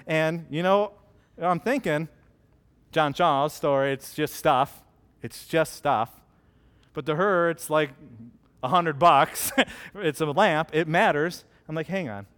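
Preacher, male, 30s, high voice, earnest and direct, conversational sermon. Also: takes it slowly, pauses often, fairly bright tone, clear, resonant tone.

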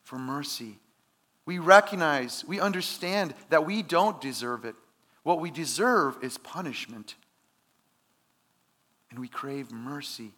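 A man's voice: fairly high pitch, animated, slow pace, long pauses, fairly bright tone. A man preaching a sermon in an earnest, conversational way, with emphatic rises. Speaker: pastor.

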